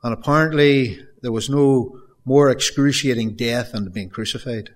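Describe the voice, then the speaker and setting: A man's voice: medium pitch, moderate pace. A middle-aged man preaching a sermon, telling a story and repeating phrases for emphasis. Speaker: pastor.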